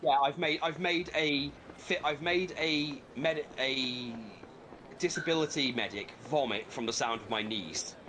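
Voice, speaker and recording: Unhurried and medium-pitched, this gaming channel host chats while playing, spinning animated stories peppered with curses and laughs. Slight background noise can be heard.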